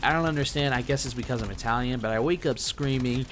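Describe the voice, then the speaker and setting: A man's voice: medium pitch, quick pace, a bit bright, a little hiss or hum. A young man hosting a gaming channel, telling a rambling, self-mocking story over gameplay.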